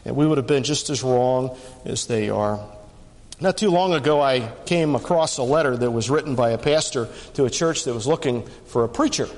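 A man preaching a sermon as pastor, swinging between fast punchy lines and slow emphatic ones. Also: darkish tone, long reverb tail. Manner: dramatic rises and drops in pitch and pace.

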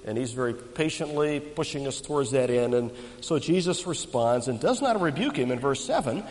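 A man's voice: mid-range voice, expressive, moderate pace, a little mellow, big-room sound, rough recording. A man preaching an expository sermon to a congregation. He is emphatic, often quizzing them with questions.

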